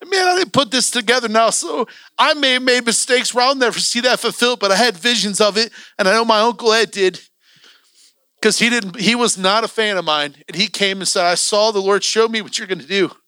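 In a church, a male preacher delivers an impassioned sermon, urging his congregation on in a high, bright voice with a forceful edge. He speaks a little fast and smoothly, and the close, dry sound has no echo.

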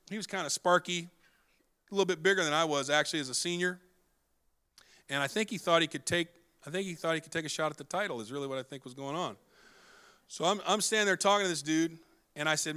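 A man preaching a sermon with an animated delivery, swinging between loud and soft and fast and slow, and acting out dialogue. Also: on the high side, clean tone. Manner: animated, wide swings in loudness and pace; acts out quoted dialogue. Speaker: pastor.

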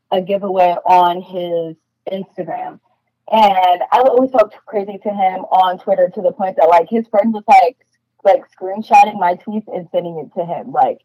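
A woman's voice: mid-range voice, no room sound, highs cut off. Blunt, chatty woman from New York. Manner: blunt, animated storyteller, frequent "like" fillers. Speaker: podcast guest. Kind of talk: casual chat.

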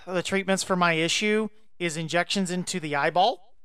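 A woman's voice: fairly low pitch, a little slow, fairly bright tone, clear, resonant tone, dry recording. A woman co-hosting a podcast in casual chat, brassy, playful and self-assured, talking into a studio microphone. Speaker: podcast co-host.

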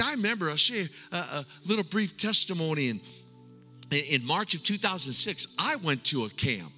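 A middle-aged man preaching a sermon with a personal testimony, speaking earnestly with halting restarts and dropping to hushed tones. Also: high voice. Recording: long hall reverb, faint music.

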